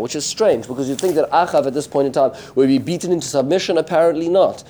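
A man giving an informal Bible lesson, retelling the story with lively commentary, often restarting his sentences and mixing in Hebrew verses. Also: mid-range voice, a little fast, few pauses, slight background noise. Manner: animated storytelling with frequent restarts; mixes Hebrew terms and verses into English. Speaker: Bible teacher.

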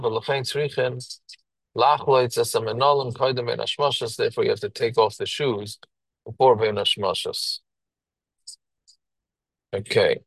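Reading a Hebrew text one line at a time, this man gives each phrase and then explains it plainly in English. His voice is medium in pitch, creaky and husky, and the dry recording has poor audio.

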